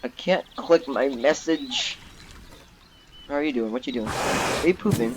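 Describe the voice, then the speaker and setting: A young man giving casual, rambling commentary while playing a zoo game, getting excited easily. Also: mid-range voice, measured pace, pauses often, a little hiss or hum. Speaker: gaming YouTuber. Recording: background game music.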